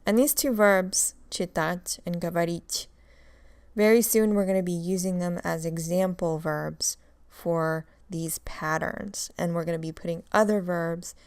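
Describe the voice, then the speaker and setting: A woman's voice: lowish voice, steady tone, measured pace, a little mellow, dry recording. Woman teaching a grammar lesson, dry sound. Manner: clear, methodical explanation with drilled examples. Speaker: Russian language teacher. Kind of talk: recorded grammar lecture.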